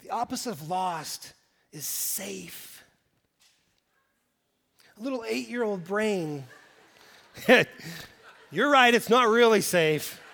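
A man preaching a sermon, animated, with emphatic rises and hushed drops. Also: high-pitched, slow, long pauses, long reverb tail. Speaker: pastor.

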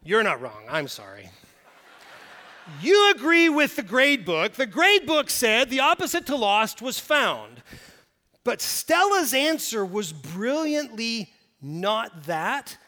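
A man preaching a sermon, animated, with emphatic rises and hushed drops. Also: extremely high pitch, slow pace, in a large hall. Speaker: pastor.

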